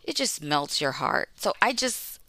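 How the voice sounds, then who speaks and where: A woman in her forties, a mother and interview guest, telling her story in a warm way with frequent laughter. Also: deep voice, sing-song, unhurried, dry recording. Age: 40s. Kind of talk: casual interview chat.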